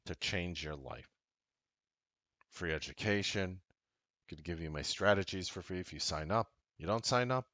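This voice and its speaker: A man hosting a trading show, giving a casual, blunt motivational talk that grows loud and emphatic, with frequent swearing. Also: deep voice, normal speed, pauses often, no room sound. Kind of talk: motivational talk to a live audience.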